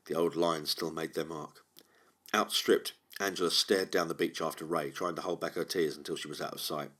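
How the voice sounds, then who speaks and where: A man narrating a horror audiobook in a measured, brooding way. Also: rumbling low, steady tone, sharp tone, slightly rough. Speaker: audiobook reader.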